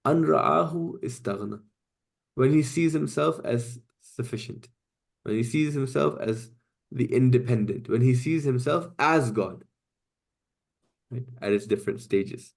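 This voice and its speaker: A man's voice: mid-range voice, measured pace, vocal fry, a little mellow. A man teaching an online class, explaining step by step and often checking in with "right?" and "okay?". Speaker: Quranic Arabic teacher.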